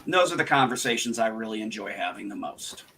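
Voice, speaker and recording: A man hosting a casual livestream chat, telling animated stories with lots of swearing and acting out his own retorts. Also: lowish voice, fast, gravelly, a little hiss or hum. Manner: animated, swearing storyteller, acts out quoted retorts. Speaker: host.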